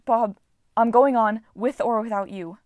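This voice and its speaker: A determined teenage girl, urgent and insistent, her voice lifted higher and louder than the narration, as a woman reader puts her on. She pushes hard and will not take no for an answer. Dry, close sound. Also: normal speed, no room sound, close to an everyday voice. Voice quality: insistent, pleading.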